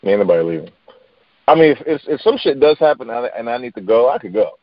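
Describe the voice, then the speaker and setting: A man's voice: mid-range voice, very animated, quick pace, no room sound, lo-fi sound. A man co-hosting a casual chat, rambling and restarting, laughing easily.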